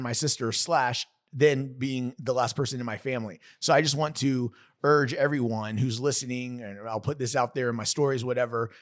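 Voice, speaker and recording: A man in his thirties, sharing a painful personal story on a podcast in an earnest, halting way, often stopping to restart or correct himself. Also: mid-range voice. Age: 30s.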